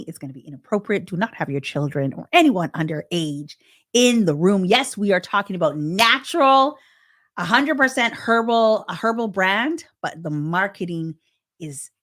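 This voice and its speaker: A woman co-hosting a podcast in casual chat, animated and emphatic, swinging between loud bursts and hushed asides. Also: lowish voice. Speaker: podcast co-host.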